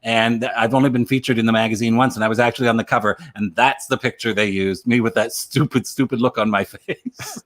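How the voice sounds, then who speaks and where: Canadian man, middle pitch, chatty storyteller on a video call. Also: fairly quick, few pauses. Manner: animated storyteller, laughs often. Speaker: guest actor. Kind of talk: casual chat.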